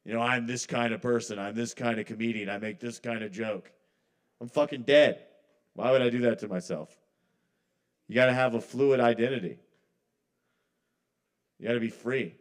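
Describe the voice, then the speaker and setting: A man's voice: medium pitch, normal speed, pauses often. A man performing a rambling, conversational stand-up set at an open mic, often trailing off mid-thought. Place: live kava bar open mic.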